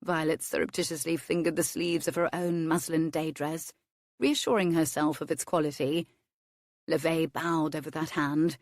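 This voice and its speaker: Brief: woman audiobook narrator, low voice, dry close sound, wry and measured. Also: level tone, no room sound. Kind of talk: scripted romance narration.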